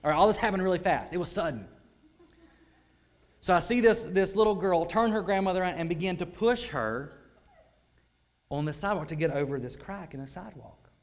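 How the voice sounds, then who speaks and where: Male preacher with a drawl, a touch high-pitched, animated storyteller, hushed to loud. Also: fairly quick, long pauses. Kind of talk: sermon storytelling.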